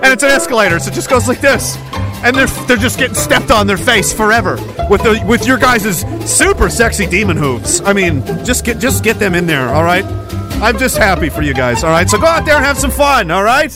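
A man's voice: high-pitched, big pitch swings, a little fast, over music. A man putting on a gleeful, bragging devil. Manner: gleeful, showy, game-show announcer bragging. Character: boastful cheery male devil addressing demons.

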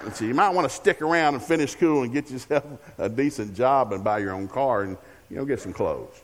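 As a guest speaker delivering a sermon in a church sanctuary, an older man acts out dialogue while telling funny family stories. His medium-pitched voice is expressive and a little fast, with a big-room sound.

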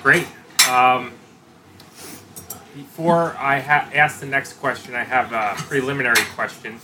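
Male interviewer, mid-pitched, careful questions, clinking dishes and room noise. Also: steady tone, a little slow.

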